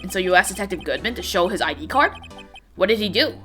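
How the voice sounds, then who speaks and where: A woman reading the lines of a calm young male defense lawyer in a game, asking dry, quiet questions. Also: medium pitch, fast, soft background music. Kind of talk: reading game dialogue aloud.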